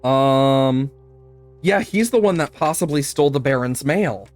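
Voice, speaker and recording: A man's voice: mid-range voice, lively intonation, measured pace, soft background music. A man streaming a puzzle game live, chatting to viewers, laughing often and swearing now and then. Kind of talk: live gameplay commentary.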